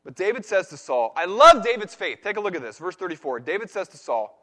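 Animated preacher with a bright, lively voice. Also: male voice, high voice, fast. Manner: animated storyteller, acting out the characters' lines. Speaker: pastor. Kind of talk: sermon retelling a Bible story.

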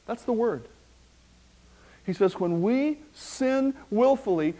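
Male pastor, sermon delivery, high voice, emphatic with loud and soft swings. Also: lively intonation, poor audio. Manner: emphatic, slowing down to stress key words; swings between hushed asides and loud rising emphasis. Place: church.

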